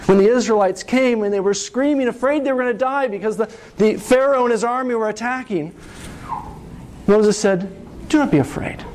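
Middle-aged male preacher, high lively voice, storytelling sermon, faint background ambience. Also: slight background noise. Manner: animated storytelling, asks "right?".

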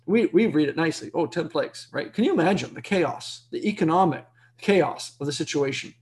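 A Bible teacher giving an evening lecture, emphatic and full of rhetorical questions, repeating key words for stress. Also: brisk. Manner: jumps to a high excited pitch when stressing a point.

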